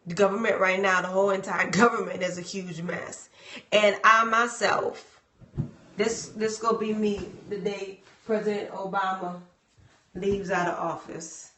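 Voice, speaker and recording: A woman chats slowly on a live stream, her voice bright and a little high. She rambles loosely and speaks straight to her viewers. The room around her adds a clear echo. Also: fairly even intonation. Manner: dramatic mock wailing, shouting and fake crying. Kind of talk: casual live-stream talk.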